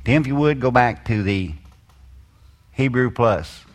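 Man teaching a Bible study. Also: mid-range voice. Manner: slows and stresses quoted scripture, asides to a helper.

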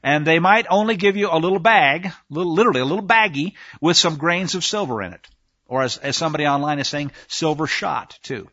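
A man's voice: on the high side, expressive, brisk, sharp tone, no echo, lo-fi sound. A man hosting a talk radio show in a rambling, emphatic monologue, with frequent restarts. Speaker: radio host.

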